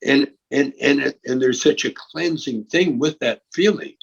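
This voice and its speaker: A man's voice: mid-range voice, a little slow, creaky, slightly rough, dull audio. A man speaking as an interview guest, rambling and reflective, often repeating words as he gathers his thoughts. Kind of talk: casual conversation.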